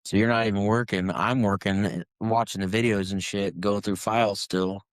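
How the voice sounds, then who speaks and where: A man's voice: lowish voice, steady tone, moderate pace, dry recording. A man, a player at a tabletop game, chatting casually in a dry, teasing way.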